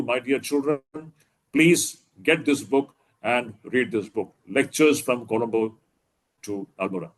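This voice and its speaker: A man's voice: a little high, fairly bright tone. A man, a monk with an Indian English accent, giving an inspirational lecture to students with earnest, emphatic pleading and repeated appeals.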